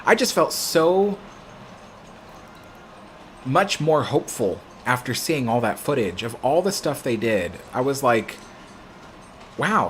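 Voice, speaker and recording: Young man, stream host, mid-pitched, lively storyteller, casual chat. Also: slight background noise. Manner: animated anecdote telling.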